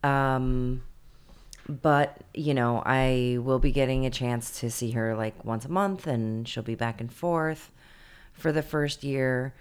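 A woman's voice: extremely low pitch, slow pace, clear, resonant tone. A woman co-hosting a podcast, chatting casually with dry, wry humor. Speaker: podcast co-host. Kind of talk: casual chat.

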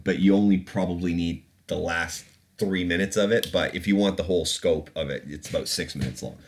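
A man hosting a casual opinion podcast, talking in a loose rambling way, laughing now and then and swearing freely. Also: deep voice. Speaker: podcast host.

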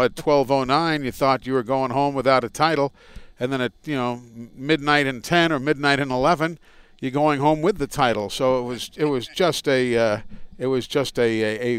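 A man who calls games on the radio, telling his stories in a loose, rambling and self-deprecating way. His voice is smooth and resonant and sits in an ordinary middle register. The sound is close and dry. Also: medium pitch, no room sound. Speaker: radio play-by-play broadcaster. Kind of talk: casual interview storytelling. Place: indoors at a college arena.

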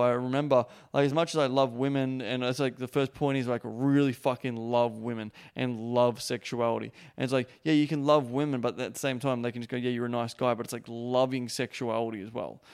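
A man's voice: mid-range voice, a little mellow, clear, resonant tone. A young man hosting a podcast, coaching listeners in a blunt, profane and rambling monologue. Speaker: podcast host.

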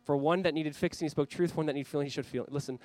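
Male pastor, earnest preacher, slightly high voice, dry close sound. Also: fairly even intonation, very fast, darkish tone, no echo, low-quality recording. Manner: earnest, urging the listeners directly. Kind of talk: sermon. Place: church, speaking to a camera for online viewers.

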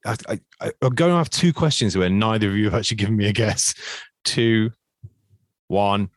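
A man hosts a casual quiz podcast over a video call. He is chatty and teasing, rambling between questions. His voice is fairly low and sounds dry and close. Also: fairly quick, dry recording. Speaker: quiz host.

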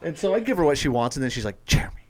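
A man in his forties, a podcast co-host telling a profane, animated story and acting out the lines he quotes, in a casual chat. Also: on the high side, very fast, heavy background noise.

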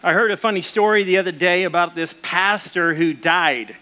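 A man's voice: sits high, moderate pace, pushed and bright. A man preaching a sermon as pastor, telling jokes and stories. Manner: storytelling with jokes.

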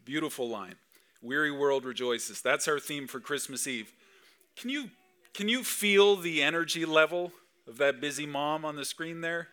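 Bright-voiced man preaching a Christmas sermon. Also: on the high side, moderate pace, clean tone. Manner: conversational, asks the crowd lots of rhetorical questions. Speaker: pastor. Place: church service.

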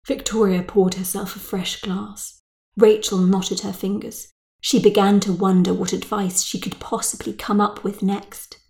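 A woman reading a story in measured, dry narration. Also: medium pitch, flat delivery, warm tone.

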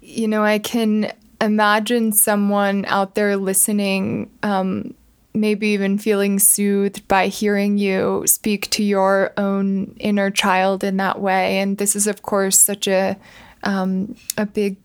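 Woman, interviewer, smooth clear voice, even pitch, measured, considerate. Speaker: interviewer host. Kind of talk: thoughtful interview questions.

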